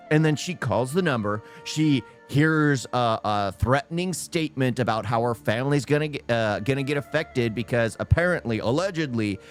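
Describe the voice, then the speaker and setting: A man hosting a reaction video, giving rambling, casual commentary and laughing often. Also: mid-range voice.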